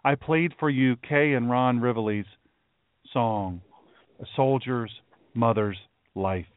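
Solemn talk radio host, phone-like sound. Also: male voice, medium pitch, slow pace, dry recording. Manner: solemn, emphatic, repeats phrases for weight. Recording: dry, narrow phone-like sound.

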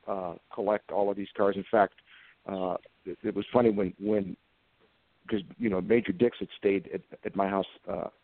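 Earnest man telling stories over a tinny line. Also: low voice. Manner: earnest, plain-spoken, emotional when recalling events. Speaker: police officer guest. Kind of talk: anecdotal storytelling in conversation. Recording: tinny phone-like line, dry sound.

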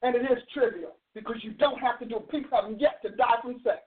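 A woman's voice: on the high side, fast talker. A woman in her sixties telling a story and arguing emphatically, like a host preaching to her audience. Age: 60s. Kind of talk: animated opinion talk. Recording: tinny phone-like sound.

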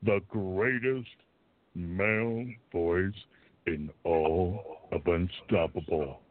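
A man's voice: deep voice, very slow, no echo. A man calling in who speaks in a boastful, taunting manner, heard over a dry phone line. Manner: boastful, taunting wrestling persona. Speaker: caller.

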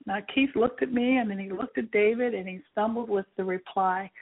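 A woman reading her own memoir aloud in an earnest storytelling manner, with a husky voice and tinny phone-like sound. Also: medium pitch, steady tone, brisk, hardly any pauses. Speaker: author reading her book.

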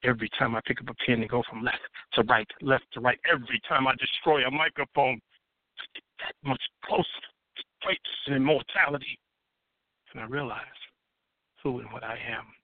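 Male spoken word poet: rhythmic, dramatic, mid-pitched, on a tinny, dry phone-like line. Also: fairly even intonation, moderate pace, no echo. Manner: rhythmic, dramatic delivery with swelling emphasis. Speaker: guest poet. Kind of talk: spoken word poetry performance.

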